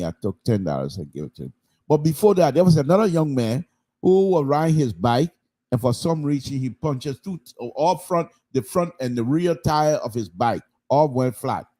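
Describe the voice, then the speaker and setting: Man telling lively stories on radio. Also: mid-range voice. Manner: animated anecdotal storytelling, repeating for emphasis. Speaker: radio commentator. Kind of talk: call-in style public affairs talk.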